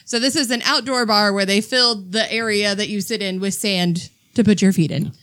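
A woman's voice: mid-range voice, normal speed, a bit bright, dry recording. A woman co-hosting a casual chat podcast, telling a rambling anecdote and laughing often. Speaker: podcast co-host.

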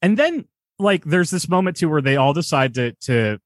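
Joking man with a lively, swinging voice. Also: fairly high pitch, normal speed, dry recording, studio quality. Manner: swearing, joking, laughing. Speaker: podcast co-host. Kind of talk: casual film recap chat.

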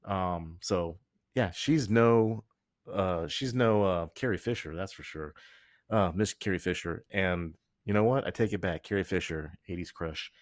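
A man's voice: sits low, unhurried, no room sound, studio quality. A man hosting a podcast in casual chat, rambling and joking as he tells stories, often restarting his sentences. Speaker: podcast host.

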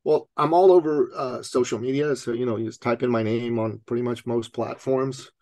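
A man speaking as a podcast guest, telling a personal story in an animated way and laughing often as he goes. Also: mid-range voice, moderate pace, no room sound.

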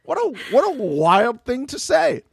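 A man's voice: very high voice, huge pitch swings, measured pace, creaky, breathy edge, no echo, studio quality. A man co-hosting a podcast, chatting casually about a reality show and mimicking people in jokey voices. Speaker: podcast co-host. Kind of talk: casual reality TV recap chat.

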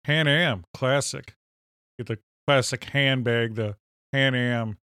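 A man from Minnesota with a Minnesotan accent, co-hosting a podcast in casual banter, full of deadpan jokes. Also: medium pitch, takes it slowly, clean tone, dry recording, studio quality. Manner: jokey, deadpan asides. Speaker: podcast co-host.

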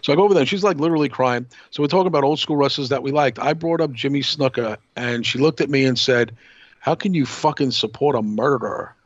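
A man from New York co-hosting a podcast, telling a long story in a rambling, animated way with many restarts. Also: medium pitch, fast, no room sound, highs cut off. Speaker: podcast co-host. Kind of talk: casual storytelling chat.

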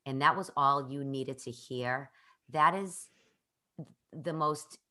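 Low-voiced bright woman host. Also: takes it slowly. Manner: earnest, rambling with restarts. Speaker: podcast host. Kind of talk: conversational interview.

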